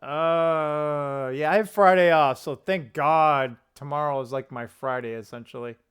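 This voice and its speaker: A man hosting a casual political commentary vlog, rambling and opinionated, with quick asides and self-corrections. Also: on the high side, fairly even intonation, fairly bright tone, clean tone. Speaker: political commentary channel host.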